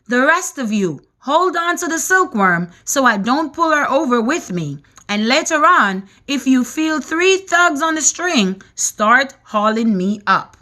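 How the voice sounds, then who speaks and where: A woman's voice: high voice, very animated, measured pace, few pauses, bright, forceful tone, voice pushed up, exaggerated voice. A woman voicing a brave young boy taking charge in a storybook, speaking urgently and commandingly. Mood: determined.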